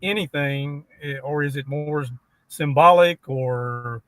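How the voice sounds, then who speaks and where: A man from western Kentucky, a paranormal investigator, speaking in a measured, skeptical way with hesitant ums. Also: a little high, fairly bright tone. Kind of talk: remote interview answers.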